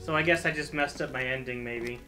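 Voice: mid-range voice, a little fast, sharp tone, soft background music. Jumpy let's-play streamer. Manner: jumpy, exclaiming, joking at the screen. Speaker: gaming streamer.

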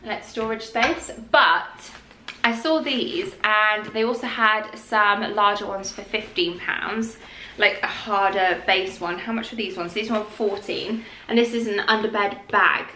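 A woman's voice: medium pitch, measured pace, pushed and bright. A young woman chatting casually through a haul vlog, sometimes dropping to a whisper. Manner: chatty, drops to a whisper at times. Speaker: vlogger. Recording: echoey room with faint noise.

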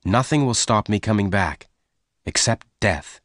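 Brief: a man playing a steady young cowboy, earnest and reassuring, low voice, lively delivery, storybook reading. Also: a little slow, no echo, clean studio sound.

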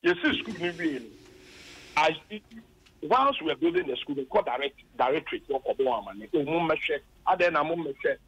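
A man's voice: a little high, sing-song, moderate pace, a bit bright, husky, rough recording. A Ghanaian man, a former district chief executive, calls in to a radio program and complains at length, impassioned and indignant as he retells his arguments.

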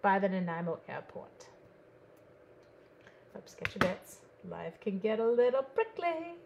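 A chatty woman from Canada leads a live card-making stream, talking steadily to her viewers as she works. Her voice sits at an ordinary middle pitch. A faint hiss of noise runs under the recording. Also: very animated, unhurried, creaky, darkish tone, muffled recording. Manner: chatty, bubbly, talks to viewers while working. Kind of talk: live online crafting stream.

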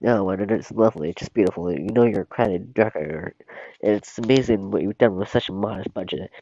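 A man voicing a chatty, excitable male talking donkey who rambles on, in dull lo-fi stream audio. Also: on the low side, brisk, a little hiss or hum, close to an everyday voice. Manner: rambling and eager, talking nonstop.

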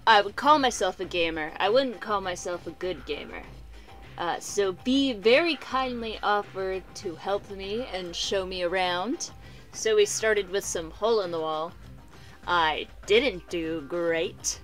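A woman giving excitable, self-deprecating gameplay commentary and voice-over narration, swearing now and then. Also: mid-range voice, unhurried, soft background music. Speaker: gaming YouTuber.

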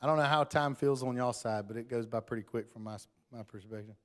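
A man with a medium-pitched voice preaches quickly in church, addressing the congregation as "y'all" in a conversational, Southern-style manner before ending with a prayer.

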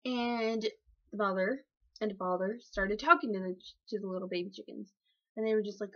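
A woman rambles through a made-up story in a middle-pitched voice, piling up fillers, correcting herself and swearing as she goes. The audio sounds slightly dull and lo-fi. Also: moderate pace, bright, forceful tone. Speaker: vlogger telling a made-up story.

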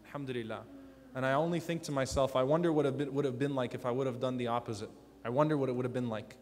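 Earnest male preacher in a big hall. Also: mid-range voice. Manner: earnest, personal storytelling; drops to a soft, hushed voice for emphasis. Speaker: preacher at a youth conference. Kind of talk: emotional sermon. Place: large conference hall. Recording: long hall reverb.

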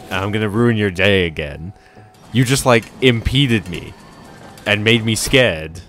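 Man, game streamer, casual let's-play commentary, slow talk, lowish voice, chatty reactions. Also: expressive, soft background music. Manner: chatty, reacting out loud and talking to chat.

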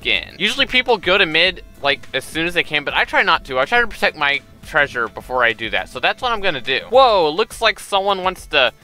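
An excitable young man narrates his Minecraft match with a bright, ringing tone and a lively voice that leaps up and down. He trash-talks opponents and fires off words in repeated bursts, with faint game music playing underneath. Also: on the high side, a little fast, hardly any pauses. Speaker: gaming YouTuber. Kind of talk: Minecraft gameplay commentary.

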